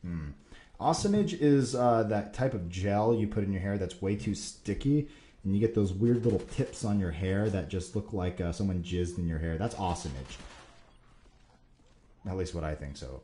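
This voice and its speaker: A man with a low, mellow voice hosts a casual question-and-answer show, rambling enthusiastically through viewer questions. His talk is loose and full of fillers. The recording has a roomy echo. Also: lively intonation, normal speed. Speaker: Q&A show host.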